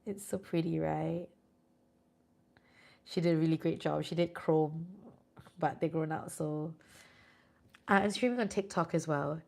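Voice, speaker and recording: Gravelly low-voiced Singaporean woman. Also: steady tone, a little slow, long pauses, a little mellow. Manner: chatty, reassuring, sprinkles "lah". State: sleepy, yawning. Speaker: tarot reader and live streamer. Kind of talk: casual live-stream chat with viewers.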